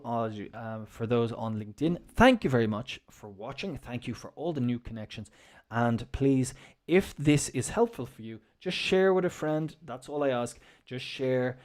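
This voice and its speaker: A man's voice: medium pitch, a little mellow. A man hosting a casual online English lesson, talking in an encouraging, conversational way with many fillers. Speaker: English teacher and show host. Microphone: desk mic, wearing headphones at first.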